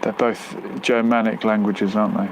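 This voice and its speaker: A man's voice: on the low side, level tone, normal speed, slight background noise, poor audio. Rambling man chatting on a live stream. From United Kingdom. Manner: rambling, musing aloud with frequent fillers. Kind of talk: casual live-stream chat, reading viewer comments. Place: outdoors near a road during a storm.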